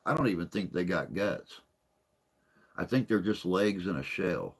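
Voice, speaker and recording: A man with a very deep voice and plenty of gravelly fry hosts a live stream. He chats casually in a rambling, folksy way, sounding a bit tired and under the weather. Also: expressive, measured pace. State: tired and unwell.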